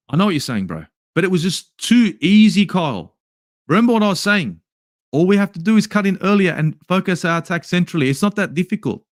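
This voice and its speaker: An Australian man ranting angrily as a fan channel host, swearing often and swinging between shouts and low mutters while he reviews a match and answers live chat. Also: no room sound, studio quality.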